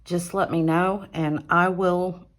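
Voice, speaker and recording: A relaxed woman hosting an adult coloring channel chats about her completed pages, dropping fillers and correcting herself along the way. She takes her time in a lowish voice, recorded at home on a phone held by an arm mount.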